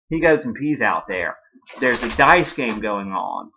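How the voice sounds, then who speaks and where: A man's voice: lowish voice, lively intonation, unhurried, vocal fry. A man telling an absurd comic story in a rambling, offhand way, with crude asides. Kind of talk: comedic storytelling. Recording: dull lo-fi recording.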